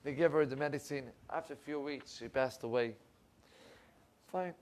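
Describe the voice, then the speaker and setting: A rabbi telling a story, animated and acting out the people in it. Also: male voice, moderate pace. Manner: animated storyteller, acts out quoted voices, rising pitch in emotional lines. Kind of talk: storytelling sermon. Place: synagogue.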